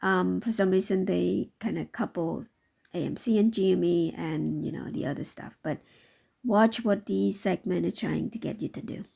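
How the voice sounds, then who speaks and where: A woman comments on a news segment with open skepticism, pausing often to hunt for words. Her voice is deeply gravelly, with a husky edge. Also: mellow. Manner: halting, with many fillers and asides; sarcastic, skeptical. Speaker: stock market commentator. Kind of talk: reaction commentary over a news clip.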